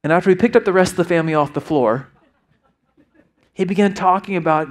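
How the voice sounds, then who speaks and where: A middle-aged man preaching a sermon, telling a family story with lively acted-out dialogue before a quiet prayer. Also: high-pitched, a little fast, pauses often. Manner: animated storyteller acting out family dialogue, then hushed prayer. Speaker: pastor.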